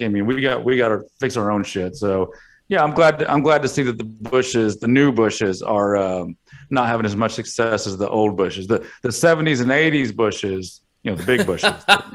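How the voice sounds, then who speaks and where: A man's voice: fairly low pitch, expressive, fairly bright tone. Joking podcast co-host guy. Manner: joking, halting restarts, laughs along. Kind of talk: casual profane chat.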